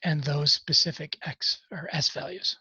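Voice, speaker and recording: A man's voice: fairly high pitch, steady tone, moderate pace, bright, forceful tone, husky, no room sound, highs cut off. A man teaching a college math class, talking through problems in a casual way with wry asides. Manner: conversational, self-deprecating asides while working problems. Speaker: math instructor. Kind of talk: recorded class lecture.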